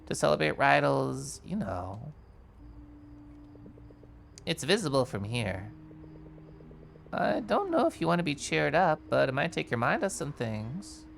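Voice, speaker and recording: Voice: mid-range voice, very animated, unhurried, gravelly, long pauses, a little hiss or hum. A game streamer chatting casually on a live stream, reacting to chat with a giggly, chatty manner.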